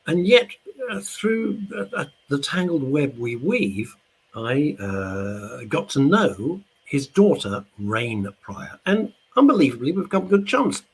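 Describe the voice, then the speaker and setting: Man, radio talk host, raspy voice, swooping lively pitch, ranting, talks straight to listeners. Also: takes it slowly, rough recording. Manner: indignant, ranting; chatty, direct address to listeners. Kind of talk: radio talk show monologue.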